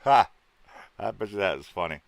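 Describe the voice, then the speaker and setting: A man's voice: fairly low pitch, very animated, moderate pace, gravelly, dry recording. A man from Wisconsin chatting casually with his livestream viewers in a rambling, folksy way, with a salty word here and there.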